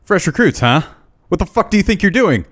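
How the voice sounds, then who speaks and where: A man's voice: high voice, very animated, brisk, a bit bright, no room sound, studio quality, voice pushed up, heavily acted. A man reading aloud as a profane male lance corporal barking orders at fresh recruits. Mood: furious.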